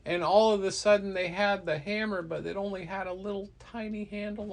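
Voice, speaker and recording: A man telling a playful bedtime story to his child, slow with hesitant fillers. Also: sits high, steady tone, gravelly. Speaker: parent storyteller.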